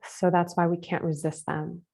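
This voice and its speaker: A woman teaching a live online spiritual masterclass over a video call. She talks in a gentle, casual way with many filler words. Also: lowish voice, level tone, moderate pace, creaky.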